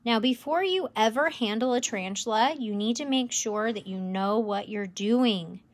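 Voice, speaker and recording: A woman educator presenting tarantulas in a live stream, enthusiastic and gentle, cooing at the animals. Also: fairly high pitch, moderate pace. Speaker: insect zoo educator. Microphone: livestream camera mic.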